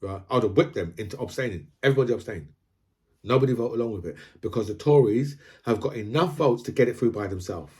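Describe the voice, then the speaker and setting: A man's voice: mid-range voice, animated, quick pace, darkish tone. A man from Britain, ranting casually about politics, rambling, repeating himself and asking "right?" again and again. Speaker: political commentator.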